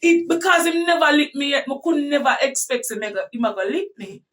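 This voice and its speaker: A woman with a Jamaican accent telling a personal story in casual talk, animated and breaking into shouts at tense moments. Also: sits high, a little fast, recorded from a distance, a little hiss or hum.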